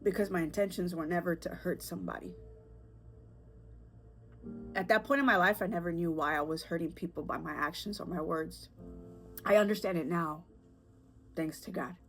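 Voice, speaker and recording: A woman in her thirties, perhaps with a lilt, hosting a personal podcast in an earnest, emotional way, with halting restarts and fillers. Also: fairly low pitch, a bit bright, faint music behind. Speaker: podcast host.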